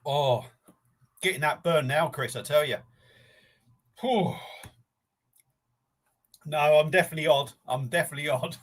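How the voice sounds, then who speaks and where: A man's voice: a little high, measured pace, pauses often. An older man, chatting casually on a live eating stream, breathless and rambling with his mouth burning from chilli, sweating and sniffling. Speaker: livestream host.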